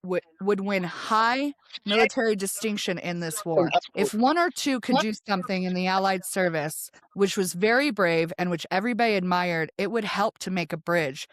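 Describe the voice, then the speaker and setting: A woman's voice: medium pitch, normal speed, no echo. Woman podcast cohost, casual and rambly, reads her notes, dead dry sound. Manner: chatty, digressive, reads history notes aloud. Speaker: podcast co-host. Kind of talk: casual chat, reading notes.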